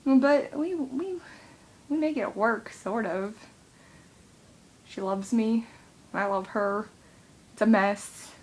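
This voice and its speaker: A woman's voice: fairly high pitch, takes it slowly, long pauses, a little mellow. A young adult woman vlogging, venting in a rambling, swear-heavy way full of fillers. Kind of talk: casual venting monologue.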